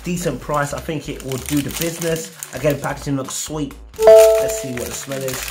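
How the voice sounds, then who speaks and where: Over loud music, a food reviewer on his vlog rates snacks in a medium-pitched, steady voice at a moderate pace. He talks casually with slang and theatrical, exaggerated outrage.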